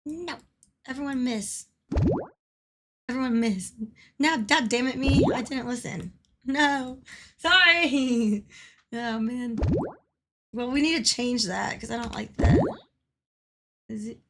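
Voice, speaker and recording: Excitable, foul-mouthed woman streamer. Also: a little high, slow, pauses often, slight background noise. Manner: excitable, swears a lot, laughs often. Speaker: livestreamer. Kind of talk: live gaming commentary.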